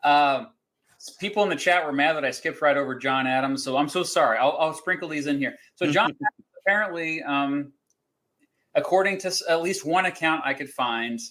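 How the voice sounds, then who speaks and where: A man's voice: on the high side, a little fast, a bit bright, poor audio. Man, quiz host, casual chat, rambling, chuckling. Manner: rambling, chuckling, many fillers. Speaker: podcast host running a quiz.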